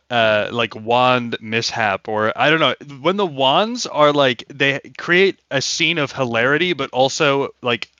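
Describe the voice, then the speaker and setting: Bright-voiced man recapping his tabletop game. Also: mid-range voice, dry recording. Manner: laughing, animated storytelling with many fillers. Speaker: game master. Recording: dull lo-fi dry recording.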